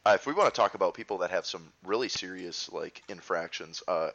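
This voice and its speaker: A man's voice: low-pitched, brisk, a bit bright, lo-fi sound. A man hosting a podcast in casual chat, wry and joking, with some swearing. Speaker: podcast host.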